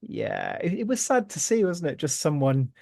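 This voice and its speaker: A man's voice: fairly high pitch, sing-song, normal speed, vocal fry, darkish tone, no room sound, studio quality. A man co-hosting a podcast in casual chat, hesitant, with many filler sounds and frequent laughter. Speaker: podcast co-host.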